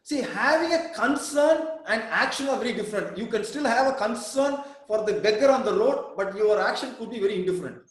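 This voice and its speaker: A man's voice: very high-pitched, expressive, brisk, few pauses. A man leading a reflective group discussion on an online call, posing probing questions and repeating words for emphasis. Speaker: mindfulness centre founder leading discussion. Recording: heavy echo on an online call.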